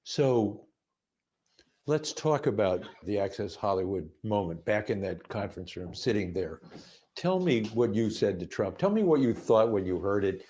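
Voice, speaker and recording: A man's voice: lowish voice, sing-song, moderate pace, warm tone. A male interviewer asking a documentary subject questions, with short prompts and encouraging replies. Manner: brief prompts and encouraging backchannels.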